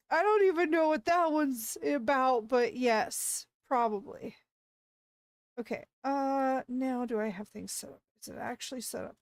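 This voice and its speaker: A woman streaming live in a casual chat, flustered and panicky as she apologizes and breaks into excited greetings to viewers. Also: high-pitched, no room sound. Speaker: VTuber streamer.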